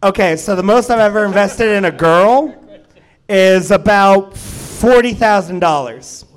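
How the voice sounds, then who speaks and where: A man's voice: high voice, unhurried, smooth. A man in his twenties doing a profane, self-deprecating stand-up set at a comedy club. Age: 20s.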